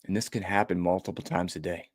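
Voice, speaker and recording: A middle-aged man with a fairly low voice tells a personal story as a motivational speaker. His delivery is earnest and emotional, leaning on repeated phrases. The sound is close and dry, with no room around it. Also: steady tone, fast, dry recording.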